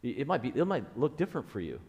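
A man's voice: medium pitch, big pitch swings, quick pace, a little mellow, big-room sound. A man preaching a conversational sermon as a pastor, earnest, repeating key phrases and restarting his sentences.

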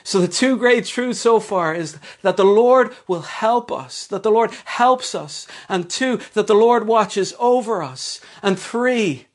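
A fairly high-pitched Irish man delivers a Sunday sermon. He leans on key lines by drawing them out slowly and checks in with his listeners through quick rhetorical questions. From Ireland. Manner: slows down to stress scripture, asks rhetorical questions. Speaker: pastor.

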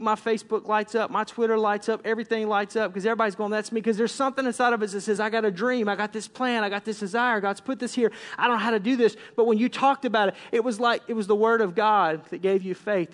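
A male pastor preaching a sermon with animated delivery, swinging between loud bursts and hushed lines. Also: sits high. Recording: long reverb of a large hall.

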